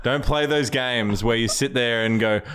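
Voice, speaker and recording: A man's voice: medium pitch, moderate pace, a bit bright, a little hiss or hum. Give me a blunt man giving advice. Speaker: podcast co-host. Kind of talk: casual advice chat.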